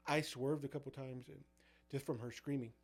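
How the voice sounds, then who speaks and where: A man's voice: medium pitch, steady tone, normal speed. Rambling man telling ministry stories. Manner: rambling, full of fillers and restarts. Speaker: youth pastor. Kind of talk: casual storytelling chat.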